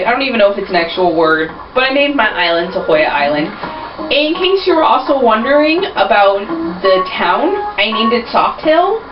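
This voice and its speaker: A young woman chatting casually and rambling as she narrates a video game. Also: medium pitch. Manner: chatty, rambling, self-deprecating. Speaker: gameplay narrator. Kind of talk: casual gameplay commentary. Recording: roomy, distant, dull, with game music.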